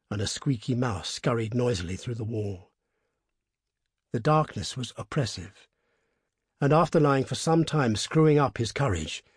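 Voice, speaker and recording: A man narrates a story in a measured, hushed and tense reading. His voice is husky and mid-pitched. The sound is dry and close, with no room. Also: no room sound. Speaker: reader. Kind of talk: scripted narration.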